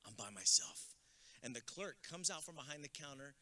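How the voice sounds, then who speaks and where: A man giving a comedic, energetic graduation speech as a motivational speaker, dropping in Spanish words. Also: a little high, brisk. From Texas. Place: outdoor graduation ceremony with stands.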